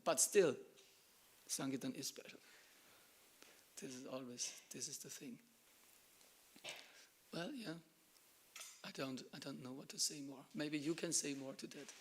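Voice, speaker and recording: Guy giving a temple class, kinda high voice, animated, goes quiet and hushed sometimes. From Germany. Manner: animated storytelling, acts out dialogue, drops to hushed asides. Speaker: temple lecturer. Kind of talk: devotional class talk.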